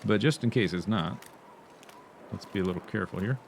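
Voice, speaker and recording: Low-voiced guy muttering playful gameplay commentary, faint game sounds behind. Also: brisk, gravelly, slight background noise. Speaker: streamer.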